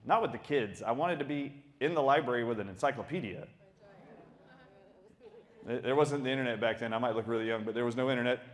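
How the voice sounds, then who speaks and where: A middle-aged man, a doctor giving a talk, who tells personal stories in an emphatic, animated way and often laughs. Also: medium pitch, quick pace. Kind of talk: storytelling talk.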